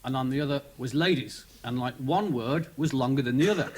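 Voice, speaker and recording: Brisk and mid-range, this Birmingham comedian's voice threads through a rambling, aside-heavy story in front of a live studio audience. The 1970s TV recording is very noisy, with audience laughter throughout.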